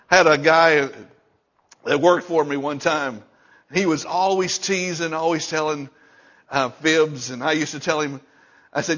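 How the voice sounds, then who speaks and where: A man's voice: fairly high pitch, fairly bright tone, highs cut off. A male pastor preaching a sermon, emphatic and repeating key lines, chuckling between points.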